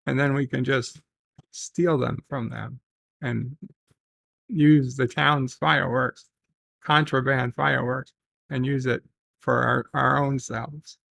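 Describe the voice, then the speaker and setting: Gravelly man hosting a livestream. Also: medium pitch, fairly even intonation, slow pace, pauses often, a bit bright, no room sound. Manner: rambling, reads chat messages aloud with filler ums. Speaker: livestream host. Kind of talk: casual livestream chat.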